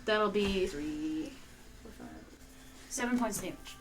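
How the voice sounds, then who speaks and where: A woman's voice: medium pitch, expressive, a little slow, background noise. A woman playing a tabletop game, chatting and thinking aloud as she adds up her attack rolls. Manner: chatty, thinks aloud while adding dice. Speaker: player. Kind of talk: casual tabletop game play. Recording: clear music behind voice. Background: music.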